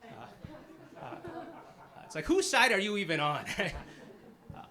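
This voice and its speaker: A young man from the Boston area doing a stand-up set on a live stage, with a halting, filler-heavy delivery and dry, self-deprecating punchlines. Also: sits high, very animated, sharp tone. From Boston area, Massachusetts. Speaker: stand-up comedian. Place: live comedy stage with an audience.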